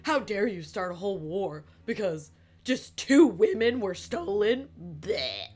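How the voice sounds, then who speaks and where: A woman's voice: mid-range voice, very animated, a little slow, a little mellow, slightly rough. A woman playing an indignant ancient Greek comic poet, with a scornful manner.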